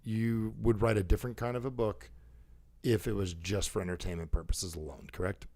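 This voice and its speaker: Low-pitched man, emphatic coach, repeats himself, live session. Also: fairly even intonation, fairly quick, a little mellow. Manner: emphatic, repeats phrases, acts out quoted dialogue. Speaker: coach and show host.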